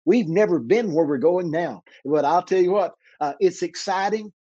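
Brief: male preacher, fervent, rapid, stumbling repeats, higher-pitched voice, dry and slightly dull lo-fi sound. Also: lively intonation, mellow, no echo. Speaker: guest preacher. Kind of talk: excited preaching on a talk show.

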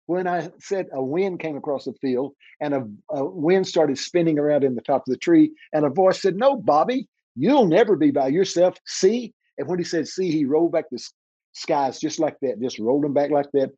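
A man's voice: fairly high pitch, mellow, no room sound, lo-fi sound. A man, telling dramatic personal stories in an interview and acting out the voices. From Texas. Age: 80s. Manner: dramatic storyteller who acts out voices, slows down for emphasis. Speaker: minister being interviewed. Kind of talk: animated personal storytelling.

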